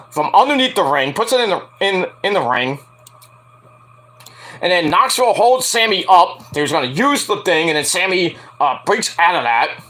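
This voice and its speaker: A high, lively male voice that swoops all over its range, with a bright, tense edge. He rambles through a wrestling recap, swearing freely and bursting into yelped impressions of the people involved. The delivery is loose and unscripted. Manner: profane, rambling, acts out quotes with yelps. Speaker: wrestling review host. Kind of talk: casual solo review.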